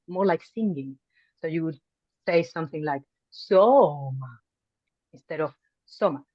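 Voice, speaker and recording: Over dull, dry video call audio with no echo, a low-voiced woman leads an online language lesson. She's friendly and chatty, often saying um and restarting her sentences.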